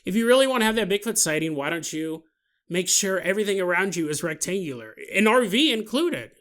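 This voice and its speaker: A man's voice: high-pitched, big pitch swings, a little fast, a bit bright. A man hosting a podcast, riffing through a comedic monologue and laughing often as he acts out silly scenes. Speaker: podcast host.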